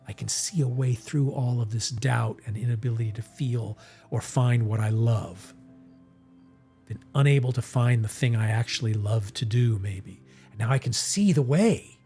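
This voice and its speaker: A man giving a casual live-streamed tarot reading, talking in a soft, musing way that often trails off into whispers. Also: mid-range voice, gravelly. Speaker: tarot reader and game streamer.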